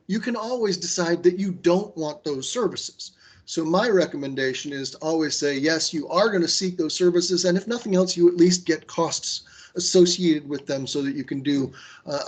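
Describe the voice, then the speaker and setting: A man's voice: a little high, breathy edge. A man leading an online training session on a video call, speaking conversationally with many fillers and restarts and giving firm recommendations. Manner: gives firm advice.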